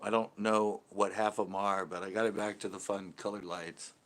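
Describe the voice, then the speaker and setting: Sex: man. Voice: bright, laughing live-stream host. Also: lowish voice, flat delivery, normal speed, slight background noise. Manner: chatty, laughs often between remarks. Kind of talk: casual live-stream chat with viewers. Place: at home.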